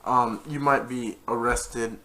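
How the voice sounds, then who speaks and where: A man's voice: mid-range voice, fairly even intonation, slow, pushed and bright, a little hiss or hum. A man co-hosting a casual vlog, reacting in a rambling, hesitant way and drifting into side stories. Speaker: co-host reacting to the story. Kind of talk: casual chat commentary.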